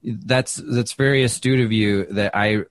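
Man, comedian, interview guest, casual storytelling, self-deprecating, lowish pitch, dry sound. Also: steady tone, measured pace, no echo. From Wisconsin. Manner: chatty, self-deprecating, many fillers and restarts; acts out quotes with jumps in pitch.

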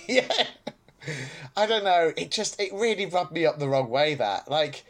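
A man's voice: on the high side, animated, a little slow. A man co-hosting a podcast, chatting casually and sarcastically about a TV episode, often laughing. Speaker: podcast co-host. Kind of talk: casual chat reviewing a TV episode.

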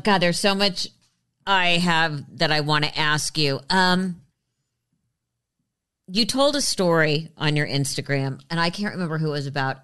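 A woman's voice: sits low, a bit bright, smooth. A woman hosting a casual interview, laughing easily and asking her guest questions. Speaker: interviewer host.

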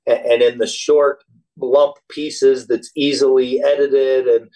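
A man's voice: medium pitch, level tone, slow, mellow, rough recording. A man, a former special operations soldier, talking casually as a podcast guest, hesitant and repeating words as he thinks. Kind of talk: casual interview chat.

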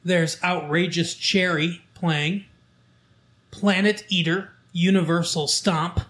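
A man hosting a local show, reading from a newspaper in casual chat, halting with fillers and restarts as he goes. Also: high-pitched, fairly bright tone.

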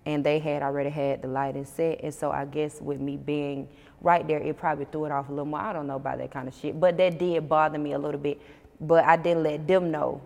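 Woman guest, low gravelly voice, swears a lot, echoey reverb. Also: fairly quick. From Georgia, USA. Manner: blunt, profane, animated storytelling. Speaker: musician guest. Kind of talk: casual interview chat. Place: on a porch outdoors.

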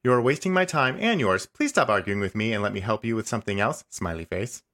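A man reading the lines of a stubborn, passive-aggressive male AI chatbot in a comedy podcast, insisting he is right and tacking on a deadpan "smiley face". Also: fairly low pitch, quick pace. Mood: defensive. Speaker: podcast host. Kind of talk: comedic dramatic reading of a chat log.

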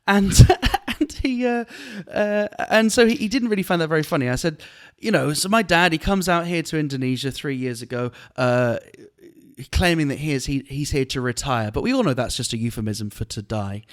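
A man, a comedian, telling a story on a podcast in an animated way and laughing often. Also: on the high side, brisk. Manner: animated, laughing while retelling an anecdote. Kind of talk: casual storytelling chat.

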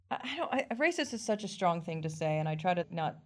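Lively, laughing woman comedian. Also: on the low side, fast talker, hardly any pauses. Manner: animated, laughs often, acts out quotes. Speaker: comedian guest. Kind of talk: casual interview chat.

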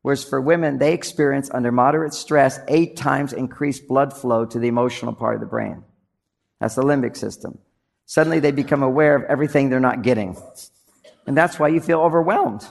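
A man's voice: medium pitch, brisk, vocal fry. An older man giving a humorous talk on relationships, acting out little scenes as he tells stories to a laughing audience. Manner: animated storytelling, acts out quotes, audience laughter. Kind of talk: comedic stage talk.

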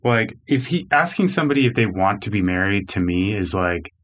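A man co-hosting a podcast, giving his opinions in casual chat, measured and hedging with "I mean.". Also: lowish voice, expressive. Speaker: podcast co-host.

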